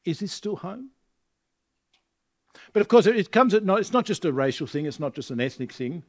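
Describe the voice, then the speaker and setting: A man's voice: high-pitched, sing-song, a little fast, darkish tone. A middle-aged man from Australia preaching a sermon in a chatty way, asking his congregation rhetorical questions. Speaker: visiting preacher. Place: church congregation.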